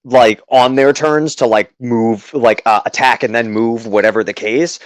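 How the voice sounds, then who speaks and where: A man's voice: mid-range voice, steady tone, measured pace, no room sound, poor audio. A man running a tabletop game as game master, chatting casually with players and narrating dramatic scenes.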